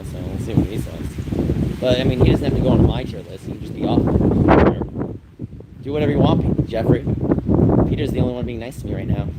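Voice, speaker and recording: A high-pitched man rants to his stream chat in an agitated, rambling way, circling back and repeating himself. Loud traffic noise runs behind his voice throughout. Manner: agitated, rambling storytelling with repetitions. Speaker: livestreamer. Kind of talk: livestream chat, ranting to viewers.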